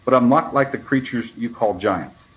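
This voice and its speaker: A man voicing a great majestic lion in a storybook reading, slow and solemn. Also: medium pitch, highs cut off, a little hiss or hum, natural voice.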